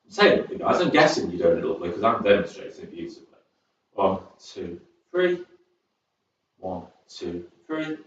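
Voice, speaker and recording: Chatty fitness instructor. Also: male voice, low-pitched, very animated, normal speed. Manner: chatty, encouraging, rambling asides. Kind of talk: chair exercise class instruction. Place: community sports centre. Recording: echoey hall, distant, dull sound.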